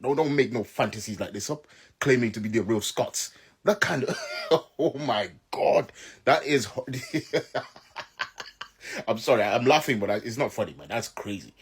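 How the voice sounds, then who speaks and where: A man's voice: fairly low pitch, slightly rough. A man from Southern Africa giving casual reaction commentary, exasperated and incredulous, often laughing in disbelief.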